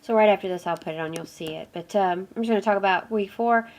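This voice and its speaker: A woman teaching an online course in an informal recorded lecture. She has a cold, so her voice is nasal and hoarse at times, and she rambles with fillers and apologies. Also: mid-range voice, quick pace, a little hiss or hum. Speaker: course instructor.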